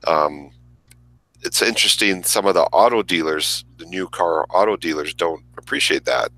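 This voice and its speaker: A man on a podcast panel, explaining things in a relaxed, casual way. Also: sits low, normal speed, no echo, rough recording.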